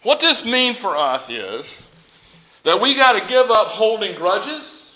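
A man preaching a sermon as pastor, reading scripture aloud and speaking in an animated way, with light jokes for his congregation. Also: high voice, takes it slowly, rough recording.

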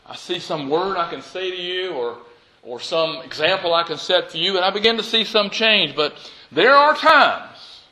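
A man preaching a sermon as pastor, swinging from loud and urgent to hushed and pleading as he acts out prayers. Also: sits high.

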